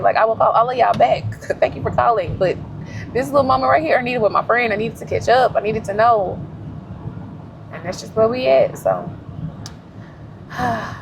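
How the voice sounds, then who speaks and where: A woman's voice: fairly high pitch, big pitch swings, normal speed, vocal fry, pauses often, noisy background. A woman chatting casually and reflectively as a vlogger while driving, laughing often. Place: in a car.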